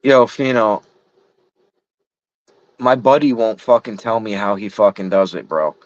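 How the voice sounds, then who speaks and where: A man's voice: lowish voice, steady tone, unhurried, no echo. A middle-aged man in casual chat, frustrated and rambling, swearing heavily. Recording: dull lo-fi sound.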